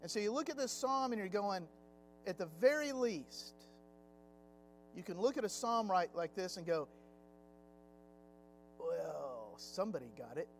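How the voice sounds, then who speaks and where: A man's voice: high voice, lively intonation, normal speed, soft background music. A middle-aged man teaching a Sunday Bible class in a conversational way. He acts out quotes and chuckles at his own jokes.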